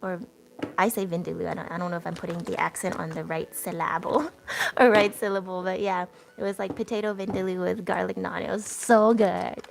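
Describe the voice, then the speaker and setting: A woman's voice: medium pitch, steady tone, moderate pace, vocal fry, long pauses. A young woman doing a tarot reading on a casual livestream. She talks in a chatty way, with lots of filler words and laughs, as she reads the cards and answers the chat. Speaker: tarot reader.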